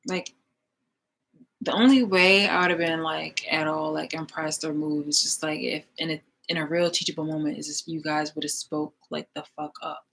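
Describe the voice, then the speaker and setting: A woman ranting in a casual monologue, exasperated and profane, full of fillers, swinging between loud outbursts and low mutters. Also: little pitch movement, moderate pace, gravelly.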